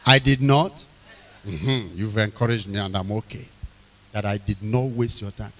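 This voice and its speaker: A man preaching an evening sermon, emphatic, repeating key phrases, questioning the congregation and bursting into loud shouted lines. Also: lowish voice, normal speed.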